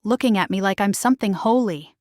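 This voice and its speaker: A woman narrating a romance story in the first person, with slow, measured storytelling on a close mic. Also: medium pitch, darkish tone, dry recording. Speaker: audiobook narrator.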